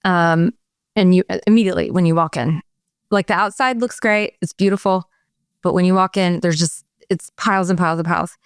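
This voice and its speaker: A middle-aged woman on a podcast, talking in a lively, expressive way about her work with families. Her voice is smooth and clear at a middle pitch. The sound is dry and close to the mic. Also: fairly quick, no room sound. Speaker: guest, home organizer. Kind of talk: casual chat.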